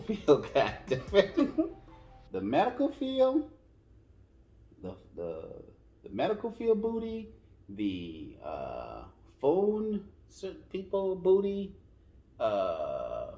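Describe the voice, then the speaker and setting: A man co-hosting a casual podcast about dating, telling stories in an animated way and acting out both sides of the talk. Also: medium pitch, echoey room. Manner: animated storyteller who mimics both sides. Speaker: podcast co-host.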